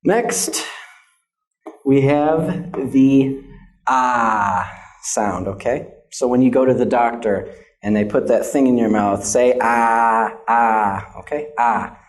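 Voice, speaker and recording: A man's voice: mid-range voice, a little slow, warm tone. An American man teaching English pronunciation, demonstrating vowel sounds and checking in with "okay?" after nearly every point. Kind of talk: classroom pronunciation lesson.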